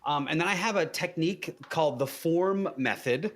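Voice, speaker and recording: A man's voice: fairly high pitch, normal speed, a bit bright. A man guesting on a podcast, giving casual conversational advice with frequent fillers and restarts.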